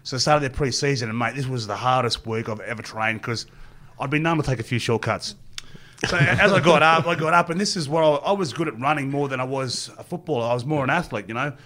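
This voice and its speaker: A middle-aged Australian man speaks as an interview guest, telling long stories at a quick clip. His voice sits in an ordinary middle range. He rambles from one anecdote to the next and acts out what other people said. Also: medium pitch, fairly bright tone. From Queensland, Australia. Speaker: guest, former rugby player. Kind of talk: storytelling interview.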